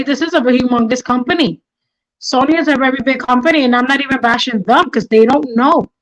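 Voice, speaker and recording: A woman's voice: sits high, fairly bright tone, rough recording. A middle-aged woman hosting a livestream, talking with anger and passion and repeating herself for emphasis. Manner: impassioned, repetitive, angry. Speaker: livestream host. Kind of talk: emotional livestream talk.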